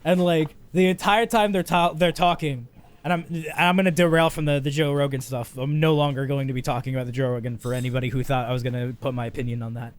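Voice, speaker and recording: A man hosting a podcast in casual chat, high on weed, rambling and ranting with lots of swearing. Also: steady tone, fast talker. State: stoned. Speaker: podcast host.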